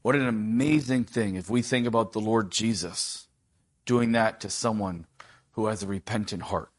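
A middle-aged man preaching a sermon, asking the congregation rhetorical questions and dropping to a near hush for tender quoted lines. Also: on the low side, moderate pace.

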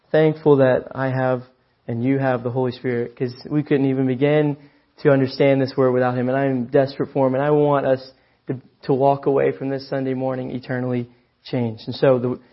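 An earnest young man delivers a sermon in a slightly raised voice, leaning hard into the words he wants to land. The recording is somewhat dull and lo-fi. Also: fairly high pitch. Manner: earnest, emphatic, rises to loud stresses. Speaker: preacher.

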